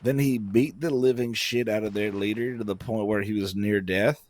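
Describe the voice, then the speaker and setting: A man's voice: on the low side, fairly even intonation, normal speed, darkish tone. A man streaming a western roleplay, telling stories in rambling, filler-heavy casual chat.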